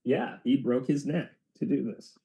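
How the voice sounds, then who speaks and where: A man's voice: medium pitch, unhurried. A man who works as a teacher, reading a children's book aloud with playful asides and banter. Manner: playful, animated storyteller.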